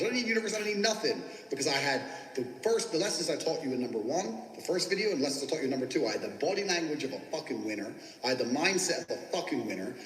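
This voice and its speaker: Brash fast-talking man in echoey room. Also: a little high, a bit bright. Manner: brash, boastful, swears constantly. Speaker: business coach teaching sales. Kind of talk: profane motivational monologue. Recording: echoey room with long reverb.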